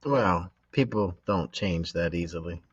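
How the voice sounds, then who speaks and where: Slow husky host guy, just chiming in, dull muffled sound. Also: sits low. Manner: brief supportive interjections. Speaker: podcast host. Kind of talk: casual interview chat. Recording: dull lo-fi podcast audio.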